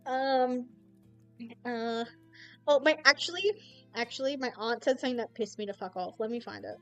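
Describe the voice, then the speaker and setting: A woman's voice: on the high side, fairly quick, faint music behind. A young woman, a streamer chatting casually and telling rambling stories, acting out quotes from family and people she has met. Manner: rambling, animated storytelling with mock quotes. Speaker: VTuber streamer. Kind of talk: casual chat.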